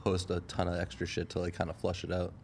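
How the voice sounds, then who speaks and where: A man's voice: low-pitched, completely flat delivery, fast, gravelly, over a noisy crowd. A man in a casual group podcast chat, dropping dry, laid-back remarks.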